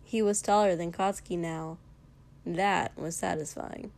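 A woman narrating a fan fiction story aloud in an even, unhurried storytelling voice. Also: fairly low pitch, creaky.

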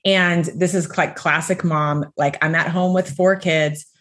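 Laughing, animated woman telling stories. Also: on the low side, a little slow. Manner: animated storytelling, frequent laughs and "like". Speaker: podcast co-host. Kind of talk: casual podcast chat.

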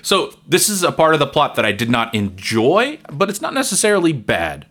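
A man's voice: on the high side, huge pitch swings, brisk, fairly bright tone. A man co-hosting a podcast, chatting casually and dropping dry jokes between laughs. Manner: laughs easily, dry joking asides. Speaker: podcast co-host. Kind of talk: casual chat.

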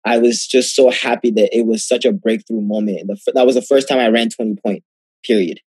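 A young man appears as a guest athlete in a casual interview, telling his story with animation and acting out the exchanges he quotes. His medium-pitched voice is brisk with a breathy edge, recorded dry.

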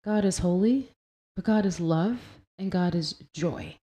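A woman's voice: fairly low pitch, a little slow, warm tone. A young woman hosting a Christian devotional podcast, talking earnestly and conversationally as she quotes and explains scripture, sometimes laughing at her own pronunciation. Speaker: podcast host.

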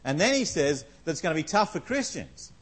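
A man's voice: a little high, big pitch swings, fairly quick, breathy edge, low-quality recording. Conversational man preaching. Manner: conversational, asks the congregation questions, many fillers. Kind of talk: sermon.

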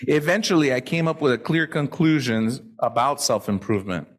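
A man giving a live motivational talk to an audience, animated and profane, acting out the people he quotes. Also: mid-range voice, moderate pace. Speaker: motivational speaker.

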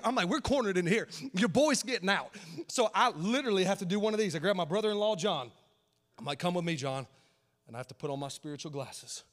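A male pastor preaching a sermon, telling a story in an animated way, swinging from shouts to hushed asides. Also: sits high, fast. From Nashville, Tennessee. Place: church auditorium. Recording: long hall reverb.

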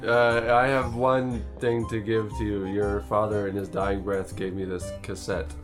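A man's voice: fairly low pitch, flat delivery, measured pace, music in the background, natural voice. A man playing an awkward American doctor who hesitates and fumbles his words. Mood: solemn. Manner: hesitant, full of ums. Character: awkward American male doctor, bad with names.

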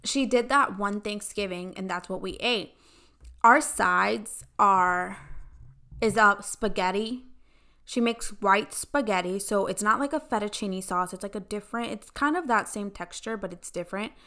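A young woman hosting a casual solo podcast, telling a family story in an animated, dramatic way and acting out quoted dialogue. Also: mid-range voice, measured pace. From Mexican-American family. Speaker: podcast host.

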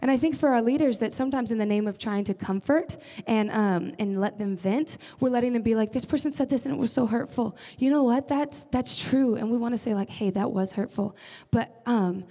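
A woman's voice: a little high, a little fast, few pauses, mellow. A young woman giving an earnest, conversational sermon as a church leader, often adding casual fillers. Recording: long reverb of a large hall.

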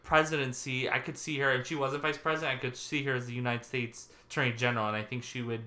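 A man's voice: medium pitch, steady tone, fast, sharp tone. A man co-hosting a podcast, chatting casually and rambling with restarts. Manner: rambling, restarts, laughs at own jokes. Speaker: podcast co-host. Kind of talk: casual political chat. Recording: echoey room.

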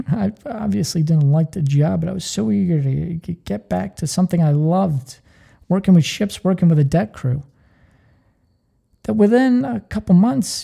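A man hosting a podcast, telling stories with earnest energy. His voice is dark and mellow, with a gravelly fry at the edges. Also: high-pitched. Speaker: podcast host. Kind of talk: motivational podcast talk.

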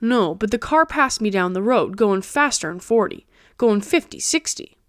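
A woman voicing an eager, hurried male bystander in an audiobook reading. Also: medium pitch, animated, fairly bright tone, no room sound, clean studio sound.

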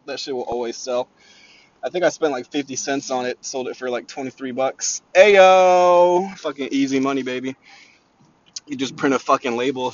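A man hosting a rambling solo motivational podcast, talking in a brash, profane way. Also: mid-range voice. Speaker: podcast host. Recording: dull lo-fi recording.

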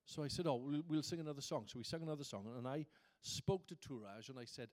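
A man's voice: mid-range voice, fast talker, darkish tone. A man preaching a sermon as pastor, conversational at times and rising to fervent emphasis.

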